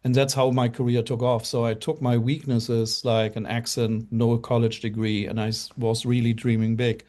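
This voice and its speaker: A man's voice: medium pitch, little pitch movement, moderate pace, darkish tone. German-accented man telling his story. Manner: earnest, rambling with many fillers. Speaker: guest. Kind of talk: casual storytelling on a live show.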